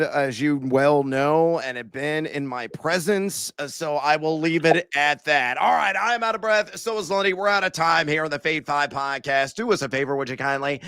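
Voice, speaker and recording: A middle-aged man co-hosting a sports betting podcast, energetic and jokey, breaking into shouts. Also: a little high, no echo. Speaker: podcast co-host.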